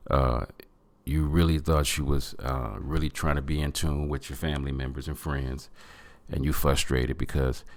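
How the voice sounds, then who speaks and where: A man's voice: extremely low pitch, no echo. A man hosting a podcast, giving an earnest motivational talk and calling his listeners family. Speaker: podcast host.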